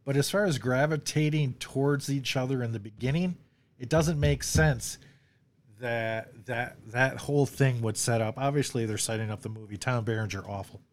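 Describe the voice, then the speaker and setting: A man's voice: medium pitch, normal speed. Man, podcast host, casual chat, rambling, laughs a lot. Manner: rambling, laughs often, quotes lines. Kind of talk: casual movie discussion.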